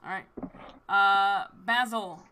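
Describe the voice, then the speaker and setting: A woman narrating a tabletop game as game master, relaxed and hesitant with fillers. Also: mid-range voice, slow, clean tone.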